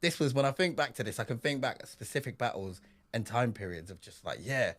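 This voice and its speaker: A man's voice: medium pitch, a little fast. A man talking casually as a podcast guest, rambling and searching for words, often saying "what is it". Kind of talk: casual chat.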